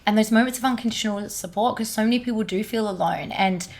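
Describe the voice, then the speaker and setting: A woman's voice: medium pitch, fast talker. Chatty woman telling a story. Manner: animated, many fillers like "like". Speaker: energy healer, guest. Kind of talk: casual conversation, storytelling.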